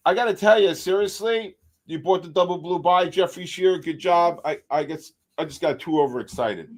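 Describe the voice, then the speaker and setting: A man hosting a live futures trading stream, giving excited, exclamatory market commentary and calling out viewers by name. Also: high voice, normal speed. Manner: animated, exclamatory, talks to chat by name. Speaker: livestream trading host.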